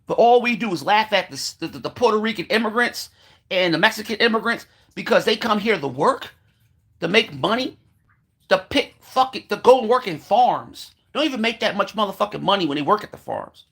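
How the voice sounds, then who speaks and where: A man's voice: high-pitched, animated, fairly quick, fairly bright tone, breathy edge. A man delivering a heated, profane monologue, repeating himself as he rants. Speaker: commentator. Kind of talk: ranting monologue.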